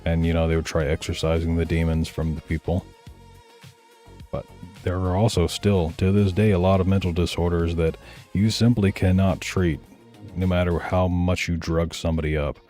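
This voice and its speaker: A man's voice: low voice, little pitch movement, normal speed, mellow. A man giving blunt, profane, heated commentary while reacting to videos, with faint music behind. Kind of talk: casual ranting commentary.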